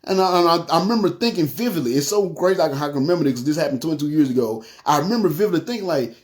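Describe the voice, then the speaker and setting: Fast-talking man telling his testimony. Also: fairly high pitch. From North Memphis. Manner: animated, repeats "you know what I'm saying". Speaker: testimony speaker. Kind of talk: personal testimony storytelling.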